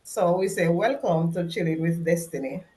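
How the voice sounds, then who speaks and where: A woman with a Jamaican accent hosting a casual faith-based interview, laughing often and filling pauses with "um" and "all right". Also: fairly low pitch, warm tone. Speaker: host.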